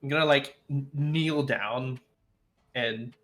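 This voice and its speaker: A player in a tabletop role-playing game who speaks hesitantly, with many pauses. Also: medium pitch, fairly bright tone. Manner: hesitant, halting. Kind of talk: casual tabletop play.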